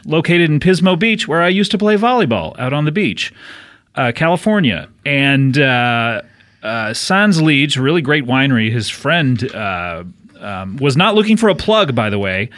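A man's voice: a little high, fairly bright tone. A man hosting a casual comedy podcast, telling rambling stories and laughing often. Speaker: podcast host.

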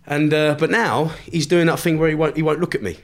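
A man's voice: on the high side, fairly even intonation, brisk. Swearing man telling a story. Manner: swears constantly, laughs through his own story. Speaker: podcast guest. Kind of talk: casual storytelling.

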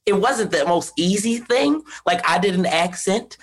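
A man, a voice actor guest, chatting casually on a video call in an animated storytelling way. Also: high voice, moderate pace. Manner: animated storyteller, laughs often. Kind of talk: casual interview chat.

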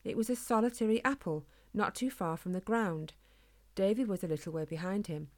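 A woman reading a children's storybook aloud in a calm, gentle, steady way. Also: medium pitch, brisk. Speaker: narrator.

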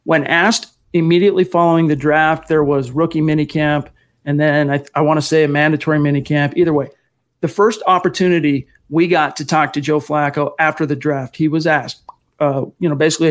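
Podcast host, male, a bit high, loose and long-winded. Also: level tone, fairly quick. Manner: long-winded, detours and self-corrections. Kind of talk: casual sports podcast chat.

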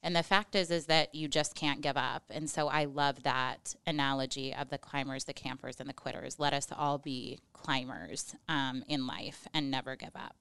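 A woman's voice: very deep voice, fairly even intonation, normal speed, vocal fry, few pauses, a bit bright, clean tone, dry recording. A woman hosting an interview who speaks in an affirming, reflective way. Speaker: interview host. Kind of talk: interview conversation.

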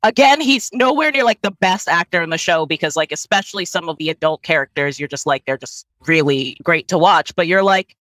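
A woman co-hosting a casual podcast, reviewing a movie in animated, laughing talk with many fillers. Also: lowish voice, a little fast, few pauses, no echo, poor audio. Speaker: podcast co-host.

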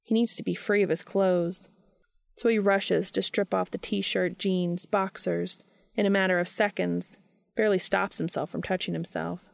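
A woman reading a story aloud in an unhurried, soft, intimate narration. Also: lowish voice, fairly even intonation, gravelly, no echo. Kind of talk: scripted audiobook narration.

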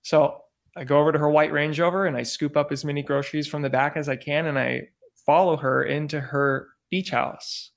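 Young guy, casual raconteur, slightly high voice, acts out the quotes. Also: a little fast, gravelly. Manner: animated, acts out quotes, frequent "like" and swearing. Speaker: former celebrity photographer. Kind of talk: casual storytelling.

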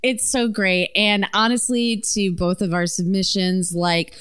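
A woman's voice: mid-range voice, fairly even intonation, measured pace, a bit bright, smooth, dry recording, clean studio sound. A woman co-hosting a podcast, praising listener submissions in an upbeat, chatty way. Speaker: podcast co-host. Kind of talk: casual chat.

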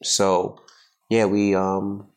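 A man's voice: lowish voice, monotone, drawn-out words, clean tone. A man co-hosting a podcast in casual chat, laid-back and blunt, telling stories with animation. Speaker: podcast co-host.

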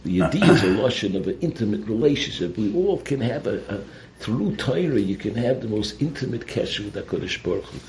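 A man's voice: on the low side, lively intonation, a little fast, darkish tone, slight background noise, rough recording. A man giving a Torah talk full of stories, mixing in Yiddish and Hebrew terms. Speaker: Torah teacher.

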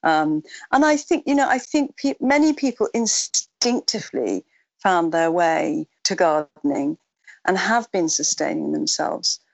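A woman's voice: fairly low pitch, expressive, measured pace, gravelly, dry recording. A woman author answering interview questions in a reflective way, often restarting her sentences. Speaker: author guest.

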